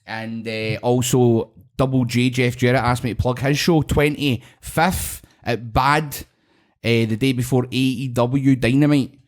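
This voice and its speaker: A Scottish man hosts a podcast in relaxed, sweary banter. He tells stories and laughs through them, and his pitch sits in a middling range. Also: a little slow. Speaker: podcast host. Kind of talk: casual banter.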